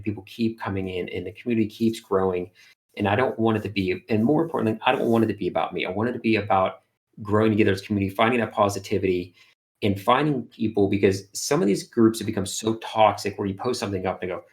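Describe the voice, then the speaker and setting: Brief: lower-pitched man, eager guest, lots of "like" and "you know". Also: fast. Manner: energetic storyteller, lots of fillers. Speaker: guest, art streamer. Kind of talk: casual interview chat.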